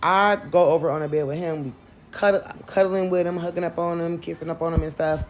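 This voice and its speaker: A woman's voice: lowish voice, steady tone, quick pace, faint music behind. A woman telling a storytime vlog in a chatty, emphatic way, talking straight to her viewers. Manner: chatty, emphatic, addresses the audience directly. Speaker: vlogger.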